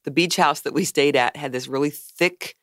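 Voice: medium pitch, normal speed, fairly bright tone, no room sound. Wry, matter-of-fact podcast co-host, dry sound. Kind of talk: casual podcast chat.

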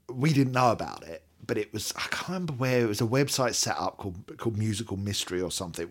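A British man in his fifties hosting a podcast, rambling and self-mocking, breaking into asides while reading aloud. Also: fairly low pitch. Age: 50s. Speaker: podcast host. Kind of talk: casual chat.

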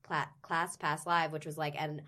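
Chatty young woman trainer, lowish voice. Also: level tone, moderate pace, sharp tone. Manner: enthusiastic, chatty, frequent fillers. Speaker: personal trainer and former performer. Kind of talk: casual podcast chat.

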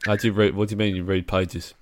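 A young man speaks in a low voice. He jokes around casually and keeps the group's conversation on track. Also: little pitch movement, quick pace, a little mellow, no echo. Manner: organizing, joking. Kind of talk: casual chat.

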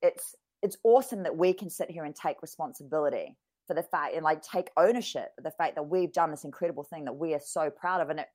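A woman with a notably low voice talks frankly in a casual podcast chat. She is earnest and drops the odd swear word without fuss. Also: quick pace, darkish tone.

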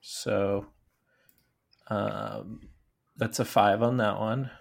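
Gravelly-voiced tabletop player. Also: male voice, fairly low pitch, fairly even intonation, extremely slow. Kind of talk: casual tabletop play.

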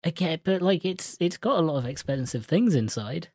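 A woman's voice: low-pitched, lively intonation, moderate pace, warm tone, dry recording, clean studio sound. A woman co-hosting a film podcast in casual chat, wry and sarcastic, repeating her punchlines. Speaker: podcast co-host.

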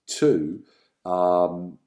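A man, a guest in an interview, telling his own story in a reflective, halting way with many ums and restarts. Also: low-pitched, dark tone. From London, England. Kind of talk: candid personal storytelling in an interview.

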